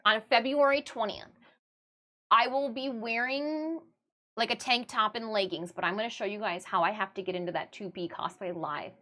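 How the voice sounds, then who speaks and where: On a livestream, a Michigan artist talks casually in a high, pushed, bright voice. She's chatty and pokes fun at herself, giggling often.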